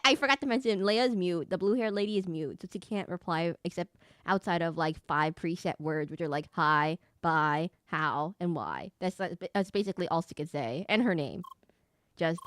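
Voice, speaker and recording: A woman's voice: lowish voice, moderate pace, smooth, dry recording, clean studio sound. A woman streaming a video game, chatting casually with many restarts and self-corrections and frequent giggles. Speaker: VTuber streamer. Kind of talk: casual gameplay commentary.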